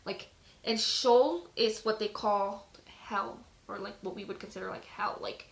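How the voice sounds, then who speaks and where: A woman's voice: medium pitch, moderate pace, gravelly, fairly bright tone, roomy sound, low-quality recording. A woman hosting a casual live-streamed Bible reading, reading passages aloud and then talking them through in a chatty way full of "like". She is out of breath. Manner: chatty, lots of "like" fillers. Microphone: phone on a live stream.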